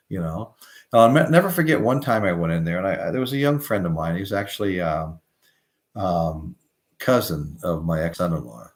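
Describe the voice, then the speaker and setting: An older man hosting a live show, chatting casually, telling rambling stories and reading out viewer comments. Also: low-pitched. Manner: rambling storyteller, drifts off topic. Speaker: host of a live music show.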